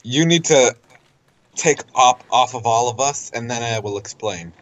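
A man in casual chat while gaming, explaining things with dry, low-key humor. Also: unhurried, fairly bright tone.

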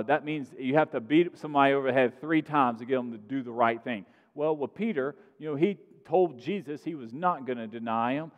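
A man's voice: medium pitch, dull audio. Man preaching in a reverberant sanctuary. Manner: conversational preaching, rising loud on emphasis. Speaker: pastor. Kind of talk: sermon. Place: large church sanctuary.

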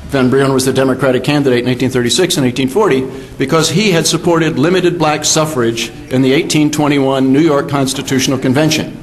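An older man, a history professor, giving a measured academic lecture with fillers and self-corrections. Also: mid-range voice, steady tone, a little hiss or hum. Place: symposium hall.

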